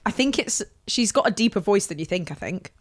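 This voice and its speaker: Giggly brit girl chatting on a podcast, really animated up and down voice. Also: medium pitch, dry recording, clean studio sound. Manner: giggly, chatty, quick to laugh. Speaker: podcast co-host. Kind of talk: casual chat.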